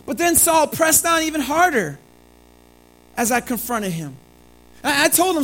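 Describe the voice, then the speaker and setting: A preacher giving a sermon told in first person as a biblical prophet, with dramatic storytelling that swings from loud emphasis to hushed, low delivery. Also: sing-song, unhurried, pauses often, rough recording.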